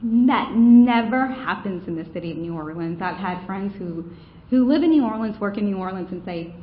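A woman's voice: mid-range voice, lively intonation, moderate pace, slight background noise. A woman telling a campaign story during a conference presentation, chatty and full of fillers. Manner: conversational storytelling, many fillers. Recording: roomy, dull room recording.

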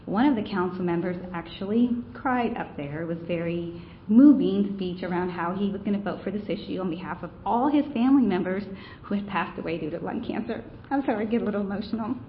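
A woman's voice: mid-range voice, brisk, slight background noise. Woman giving a talk w/ slides, lots of ums, echoey room, kinda muffled sound. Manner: conversational storytelling, many fillers. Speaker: advocacy campaign presenter. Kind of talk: conference presentation with slides. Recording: roomy, dull room recording.

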